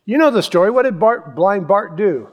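A man preaching a sermon, telling Bible stories with animated acted-out voices. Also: high-pitched, moderate pace. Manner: animated storytelling, acts out voices and yells. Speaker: pastor.

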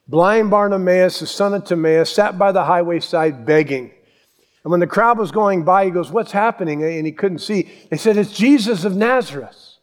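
A man preaching a sermon, telling Bible stories with animated acted-out voices. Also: on the high side. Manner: animated storytelling, acts out voices and yells. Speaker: pastor.

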